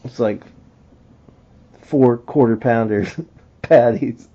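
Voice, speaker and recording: A man's voice: mid-range voice, slow, dark tone. A man from the United States co-hosting a podcast, teasing and rambling in casual chat with many fillers. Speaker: podcast co-host. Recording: dull lo-fi podcast audio.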